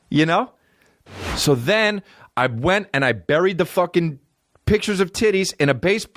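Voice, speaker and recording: Profane animated male comedian. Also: fairly high pitch, normal speed, no room sound, studio quality. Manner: profane, animated, jumps into character voices. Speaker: comedian podcast host. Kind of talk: comedic podcast rant.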